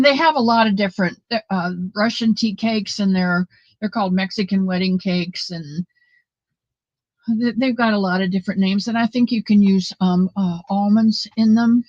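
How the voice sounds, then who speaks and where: A woman's voice: medium pitch, no echo, lo-fi sound. A woman hosting a casual live stream, greeting viewers by name and chatting about recipes. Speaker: livestream host.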